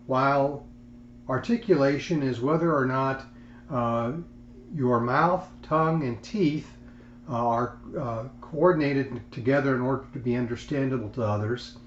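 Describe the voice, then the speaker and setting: Man, instructor, measured recorded lecture, fillers and restarts, slightly muffled, faint hum behind. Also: mid-range voice.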